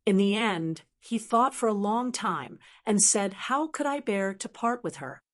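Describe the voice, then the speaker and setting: A woman's voice: mid-range voice, animated, unhurried, close to an everyday voice. A woman voicing a helpless male sect cultivator in an audiobook, weary and pleading. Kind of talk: audiobook dialogue reading.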